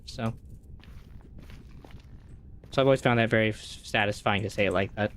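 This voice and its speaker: A man's voice: on the low side, fairly even intonation, moderate pace, fairly bright tone, slight background noise. A man streaming a game, chatting casually and answering his chat as he plays. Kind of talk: casual chat while gaming.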